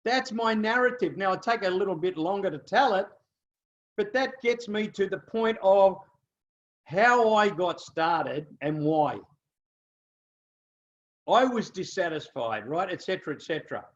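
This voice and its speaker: An Australian man coaching a team in an animated, storytelling way. He keeps asking his listeners "okay?" and "right?", and his voice sits high and moves a lot. The recording sounds dull and muffled. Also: unhurried, long pauses. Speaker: business trainer. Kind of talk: motivational training talk.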